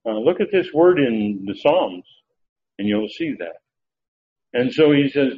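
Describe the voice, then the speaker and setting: Guy teaching scripture verse by verse, lots of uhs, mid-pitched voice, kinda muffled lo-fi tape. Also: expressive. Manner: halting, many filler sounds, explains word by word. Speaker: Bible teacher. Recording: dull lo-fi recording with faint background noise.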